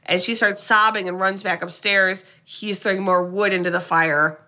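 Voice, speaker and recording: A woman's voice: medium pitch, normal speed. A woman co-hosting a podcast, recapping a film in casual chat and acting out the characters' lines. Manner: lively retelling, acts out quoted lines, swears casually.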